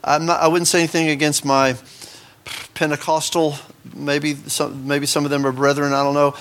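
A man preaches a sermon in a church sanctuary. His voice sits a little on the high side. He swings between soaring, emphatic scripture reading and low, offhand asides. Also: little pitch movement, moderate pace, fairly bright tone. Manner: rises in pitch for emphatic scripture passages, drops into asides. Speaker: pastor.

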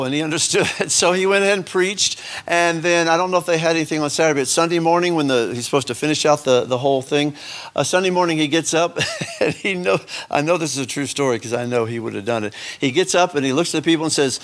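A man's voice: on the high side, fast talker, fairly bright tone. Chatty man teaching a Bible lesson. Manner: conversational, joking asides, many fillers and restarts. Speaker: Sunday school teacher. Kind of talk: casual Bible lesson to a congregation.

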